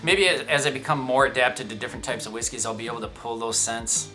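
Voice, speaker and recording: A man's voice: medium pitch, fairly even intonation, quick pace, pushed and bright, faint music behind. A man giving a casual whiskey tasting review, chatty and self-amused, with joking asides. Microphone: shotgun microphone.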